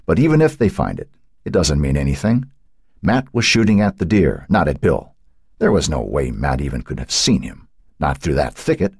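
A man voicing a calm, firm lawyer who speaks reassuringly, in an audiobook. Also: very deep voice, normal speed, breathy edge, no echo, clean studio sound, heavily acted. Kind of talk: audiobook character voice.

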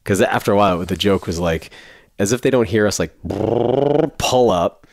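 A man's voice: low voice, brisk, dry recording, studio quality. A man hosting a podcast, telling a rambling story in casual chat and laughing often. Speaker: podcast host.

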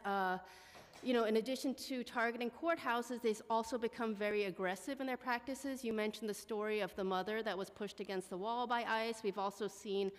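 A congested woman with a cold testifies at a council hearing, speaking earnestly into a table mic and leaning on fillers. Her voice sits at an ordinary pitch, and a long hall reverb trails behind it. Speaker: immigrant advocacy director testifying. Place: council committee room. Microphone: table microphone.

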